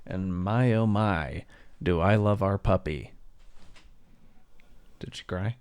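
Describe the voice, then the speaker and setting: A man's voice: sits low, slow, darkish tone, smooth. A man co-hosting a casual podcast, talking in a laid-back, playful way. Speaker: co-host.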